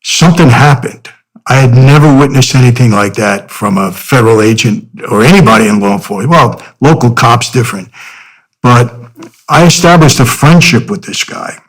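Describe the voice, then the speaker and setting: Middle-aged male guest, earnest conversational storyteller, average pitch. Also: normal speed, poor audio. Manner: earnest, frequent "you know" fillers. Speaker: podcast guest.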